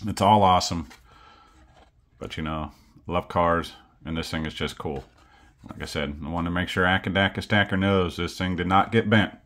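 Man, low voice, relaxed chatty coin-vlog host, pokes fun at himself. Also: normal speed. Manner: easygoing, chatty, self-deprecating. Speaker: coin collecting channel host. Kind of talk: casual unboxing vlog.

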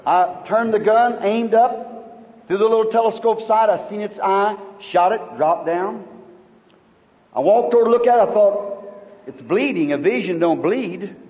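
Man, 50s, preacher, very high voice, earnest halting storytelling, muffled old tape. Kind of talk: storytelling sermon. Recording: dull old sermon tape in a reverberant hall.

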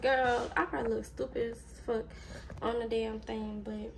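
A woman's voice: on the high side, flat delivery, normal speed, creaky, over loud music. A young woman talking casually to her camera at home, blunt and cussing, sick and tired. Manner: frank, swears freely, tired and irritated. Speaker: vlogger. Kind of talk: casual vlog talk to camera. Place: at home, indoors. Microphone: phone camera.

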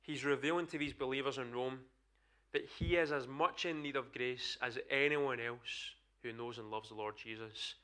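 Earnest Scottish preacher with a bright voice. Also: male voice, medium pitch, fairly even intonation, normal speed, clear, resonant tone. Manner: earnest, emphatic preaching with rhetorical questions. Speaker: pastor. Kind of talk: sermon.

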